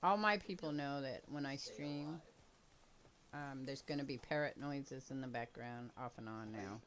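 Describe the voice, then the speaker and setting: A woman's voice: very deep voice, unhurried, fairly bright tone. An older woman casually chatting and laughing while streaming a game with her daughter. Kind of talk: casual gameplay chat.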